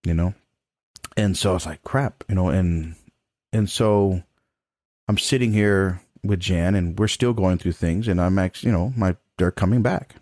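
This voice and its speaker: Deep-voiced guy, middle-aged, loose candid storytelling, cusses a bit, dry sound. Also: unhurried, darkish tone, no echo. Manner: frank and casual, swears freely, laughs between points. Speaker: trombone professor, podcast guest.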